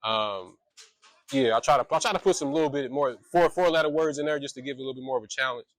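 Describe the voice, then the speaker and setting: A man's voice: medium pitch, fast, fairly bright tone, no room sound. A man giving a casual reading talk to schoolchildren, rambling and full of fillers. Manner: loose, rambling, filler-heavy.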